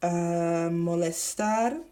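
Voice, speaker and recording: A young woman teaching a grammar lesson, talking slowly and deliberately while writing on a board and spelling things out. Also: fairly low pitch, mellow. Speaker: Spanish teacher.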